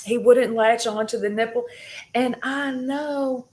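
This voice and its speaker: A woman's voice: on the high side, fairly even intonation, a little slow, darkish tone. A middle-aged woman chatting casually to her viewers, rambling with many fillers and restarts. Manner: addresses the audience directly. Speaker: spiritual reading streamer. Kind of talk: casual live chat to viewers.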